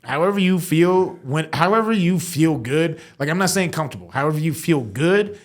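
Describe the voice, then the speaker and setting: Animated young man telling a fight story. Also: on the high side, normal speed. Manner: animated storytelling, laughing, heavy swearing and filler. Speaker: podcast host and fighter. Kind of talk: casual chat.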